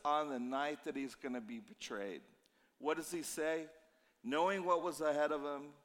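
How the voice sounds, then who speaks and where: A man in his fifties, a pastor preaching a sermon, telling stories in a conversational way and sounding tired. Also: medium pitch. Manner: conversational storytelling, animated and emotional in places. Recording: long reverb of a church hall.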